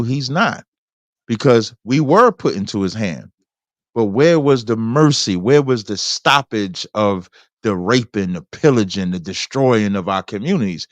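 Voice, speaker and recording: Deliberate man reading scripture, dry sound. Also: fairly low pitch, no echo. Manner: preacherly, deliberate, reads scripture with commentary. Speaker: host. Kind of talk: debate discussion, reading scripture aloud.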